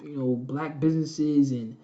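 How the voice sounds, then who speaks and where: Male host, higher-pitched, preachy and repetitive; dull lo-fi audio. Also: steady tone, measured pace, warm tone. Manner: preachy, repetitive, addresses viewers as family. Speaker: channel host. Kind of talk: casual live-stream commentary.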